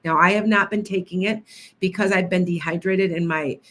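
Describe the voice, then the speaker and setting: A fairly low-voiced woman runs a casual livestream as a psychic healer. She talks in a loose, rambling way and breaks off her stories to greet viewers by name. There is a faint hum behind her voice. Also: fairly even intonation, normal speed, a bit bright.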